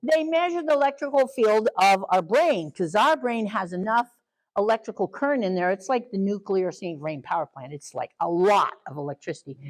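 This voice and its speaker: A middle-aged woman leading a training talk for caregivers, animated and lively, acting out children and parents in quick asides. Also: medium pitch, poor audio.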